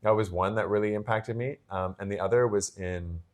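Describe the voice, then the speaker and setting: A man's voice: on the low side, steady tone, brisk. A man co-hosting a podcast, telling reflective stories in casual chat with many fillers and restarts. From Pacific Northwest coast. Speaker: podcast co-host.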